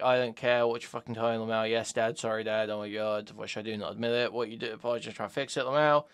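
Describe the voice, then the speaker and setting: A man reading out text messages and commenting on them sarcastically, swinging from mocking shouts to low mutters. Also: fairly even intonation, fast talker, hardly any pauses, smooth. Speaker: commentary youtuber.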